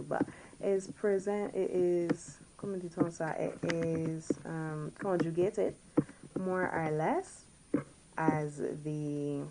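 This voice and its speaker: Woman teacher, slow patient drilling, lowish voice, faint background hiss. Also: rough recording. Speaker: French teacher. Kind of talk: recorded classroom lesson.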